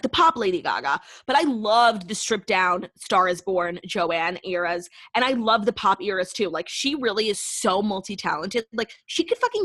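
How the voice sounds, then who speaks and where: A woman's voice: mid-range voice, fairly bright tone, no room sound, clean studio sound. A young woman co-hosting a chatty podcast, gushing and peppering her talk with "like.". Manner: gushing, filler-heavy talk full of "like". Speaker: podcast co-host. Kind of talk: casual chat.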